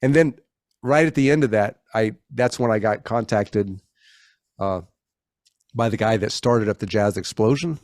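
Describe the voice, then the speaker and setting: A man's voice: fairly low pitch, moderate pace, pauses often, darkish tone, no room sound, clean studio sound. A middle-aged man telling anecdotes in a casual interview as a guest, with frequent restarts and self-corrections, and he acts out the voices he quotes. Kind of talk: casual conversational storytelling.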